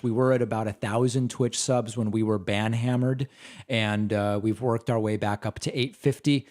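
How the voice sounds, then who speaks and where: A man hosting a livestream, making quick casual asides and thanking viewers. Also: mid-range voice, a little mellow. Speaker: livestream host.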